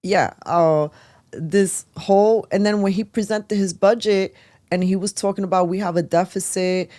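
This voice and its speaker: A woman co-hosting a talk show, speaking in a measured way with hesitant fillers as she cites figures. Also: medium pitch, fairly even intonation, mellow, dry recording. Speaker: podcast co-host. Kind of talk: casual political talk.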